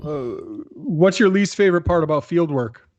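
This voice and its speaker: A man's voice: on the high side, normal speed, a little mellow, no room sound, dull audio. A man hosting a podcast in casual chat, teasing his co-hosts playfully and asking them questions.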